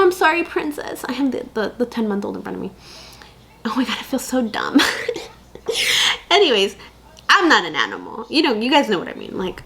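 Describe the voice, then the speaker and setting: A woman's voice: a little high, a bit bright, slight background noise. A young woman vlogging candid parenting advice in a casual, chatty way, full of fillers and asides. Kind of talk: casual chat to camera.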